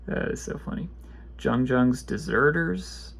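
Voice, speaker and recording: A man chats his way through a card pack opening, reading names under his breath and rambling about what he pulls. His voice is gravelly and a little husky. He takes his time, yet his pitch swings around freely as he goes. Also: lively intonation, measured pace, a bit bright. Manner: rambling, reads card names aloud, drops into low muttering. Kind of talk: casual pack-opening commentary.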